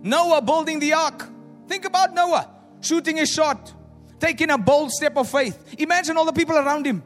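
A man preaching a sermon in a large hall, animated, acting out the voices of doubters and swinging from loud declarations to hushed asides. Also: extremely high pitch, moderate pace. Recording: echoey hall with faint music.

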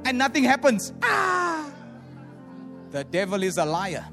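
This preacher has a high-pitched voice and a brisk delivery, his sermon resounding through a big reverberant hall with faint music underneath. He's animated, playing the part of doubters and switching between loud declarations and hushed side comments.

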